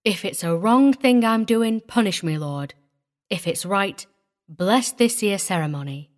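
A woman's voice: medium pitch, expressive, natural voice. Old country preacher read by a woman, humble and solemn, folksy drawl, slightly raised voice. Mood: prayerful. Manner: folksy rural dialect, slow and solemn.

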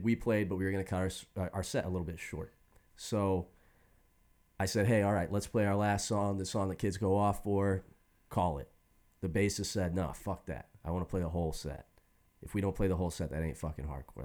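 A man's voice: low-pitched, fairly quick. A man telling a long story in casual chat, swearing freely and laughing often. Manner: profane, animated, laughs often.

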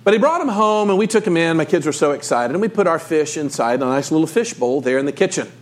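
A man's voice: fairly high pitch, animated, fast talker. A man preaching a sermon as pastor, talking to the congregation in a conversational, storytelling way.

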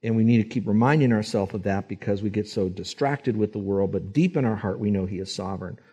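A man preaching a sermon, animated and acting out voices when he quotes people. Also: fairly low pitch, quick pace, husky. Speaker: pastor.

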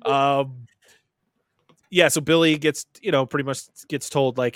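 A man's voice: mid-range voice, measured pace, a bit bright, no echo, clean studio sound. A young adult man hosting a podcast, retelling a film in a casual, jokey way, swearing often and laughing. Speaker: podcast host. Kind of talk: casual movie recap chat.

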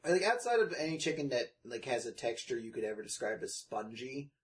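A man's voice: medium pitch, big pitch swings, fairly quick. A man co-hosting a casual comedy podcast, laughing often and acting out quoted voices as he tells stories. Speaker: podcast co-host.

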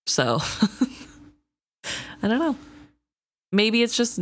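A woman co-hosting a casual book discussion, animated and often exasperated, hedging with "I don't know". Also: on the high side, drawn-out words. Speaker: podcast co-host.

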